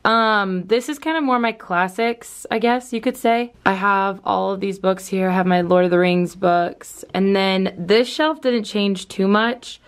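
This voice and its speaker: A woman's voice: mid-range voice, unhurried, hardly any pauses, clear, resonant tone. A young woman from Southern California chatting casually in a home vlog, rambling with lots of fillers and small laughs. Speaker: book vlogger. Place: at home indoors.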